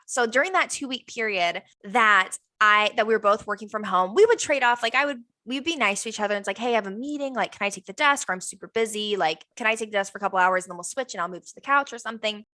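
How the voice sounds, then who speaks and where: A young woman, co-hosting a casual podcast and telling an animated story, acting out the other people's lines. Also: mid-range voice, fast talker, hardly any pauses, dry recording. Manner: animated storytelling, acts out quoted dialogue. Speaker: podcast co-host. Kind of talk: casual chat.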